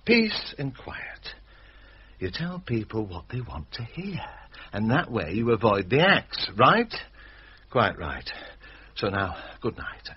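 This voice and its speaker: An actor playing a middle-aged village doctor, dry and sardonic, irritated at being called out at night. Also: male voice, fairly low pitch, very animated, measured pace, breathy edge, highs cut off, heavily acted. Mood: weary.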